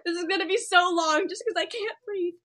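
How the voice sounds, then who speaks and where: Young woman, high bright voice, comic read-aloud, constant giggling. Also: fairly quick. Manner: giggly, keeps breaking into laughter. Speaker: reader of the text. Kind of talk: comedic read-aloud with friends.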